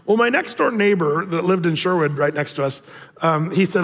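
A man's voice: fairly high pitch, a little fast, a bit bright, long reverb tail. A man preaching a casual sermon as pastor, telling jokey stories with lots of restarts. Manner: casual, joking storyteller with many restarts. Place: church auditorium.

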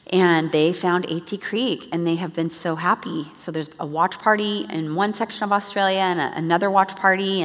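A woman's voice: fairly low pitch, fairly bright tone. A woman giving an earnest, chatty church teaching talk to a congregation. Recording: long reverb of a large hall.

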